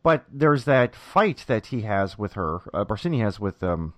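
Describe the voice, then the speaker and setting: A man co-hosting a podcast, agreeable and chatty, often affirming and pausing mid-thought. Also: lowish voice, big pitch swings, no room sound. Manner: agreeable, frequent affirmations, halting. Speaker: podcast co-host. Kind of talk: casual chat.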